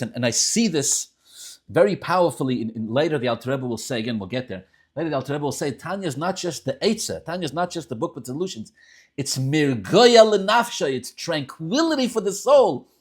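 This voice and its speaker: A man with an Ashkenazi yeshiva-style accent teaching a Tanya class, telling stories and swinging between soft asides and loud, emphatic stretches. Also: on the high side, husky. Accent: Orthodox Jewish English with Ashkenazi Hebrew and Yiddish terms. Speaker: Torah teacher.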